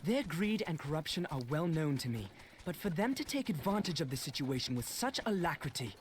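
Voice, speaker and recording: An actor voicing an earnest, formal young scholar in fantasy game dialogue. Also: male voice, fairly high pitch, big pitch swings, brisk, slight background noise. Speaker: story character in a fantasy game.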